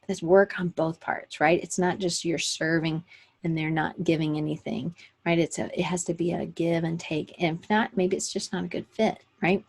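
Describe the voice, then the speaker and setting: A woman's voice: fairly low pitch, fairly even intonation, normal speed, gravelly, breathy edge. A woman hosting a weekly online session for creatives, chatting casually and rambling with fillers and self-corrections into a computer microphone. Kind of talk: casual live-stream talk.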